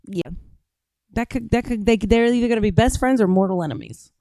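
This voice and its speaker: A woman's voice: on the high side, brisk, warm tone, no room sound. A woman from the United States hosting a reaction stream and reading out chat, brash, combative and swearing constantly. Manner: brash, profane and combative, often laughing.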